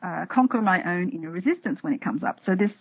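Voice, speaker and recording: A slightly low, husky woman talking as a podcast guest, animated, often restarting and repeating her words. The sound is dry and a bit dull, like a lo-fi close mic. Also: quick pace, no room sound. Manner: animated, acts out her inner voices in a higher tone. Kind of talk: casual interview talk.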